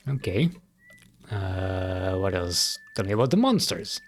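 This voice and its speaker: A man's voice: low voice, sing-song, slow pace. A man streaming a game, giving casual commentary in a rambling, self-correcting way and laughing easily.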